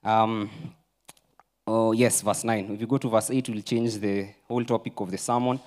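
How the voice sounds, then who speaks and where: A Kenyan man preaching a sermon in a church, mixing English and Swahili, swinging from loud urging to a near-whisper. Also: lowish voice, little pitch movement, moderate pace. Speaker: pastor.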